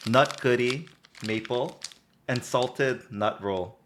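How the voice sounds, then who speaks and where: A man's voice: medium pitch, slow pace, noisy background. A man co-hosting a podcast in a casual, upbeat chat, laughing often. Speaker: podcast co-host.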